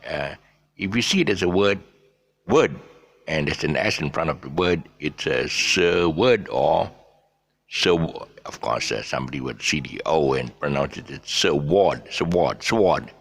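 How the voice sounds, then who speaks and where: A man giving a casual pronunciation lesson, halting with frequent fillers and spelling words out letter by letter. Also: deep voice, gravelly, fairly bright tone, husky. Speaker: teacher of English pronunciation.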